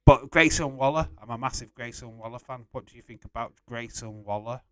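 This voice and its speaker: A man's voice: medium pitch, fairly quick, fairly bright tone. A young man casually hosting a live stream, reading out and answering chat messages and laughing often.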